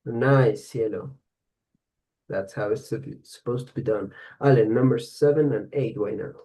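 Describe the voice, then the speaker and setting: A man's voice: mid-range voice, unhurried, warm tone. A man teaching an online English class, giving praise and repeating words for students to copy.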